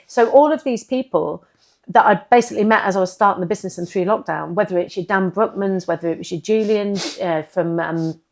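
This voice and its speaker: A woman's voice: medium pitch, brisk, a little mellow. Candid, chatty woman founder. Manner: chatty, candid, frequent restarts and fillers. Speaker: business founder, podcast guest. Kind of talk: casual interview chat.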